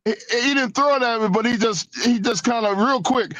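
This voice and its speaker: High-voiced man telling a stammering story. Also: moderate pace, dry recording. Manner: animated storyteller who stammers and repeats words. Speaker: radio show co-host. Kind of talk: casual sports radio storytelling. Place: radio studio. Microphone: studio microphone.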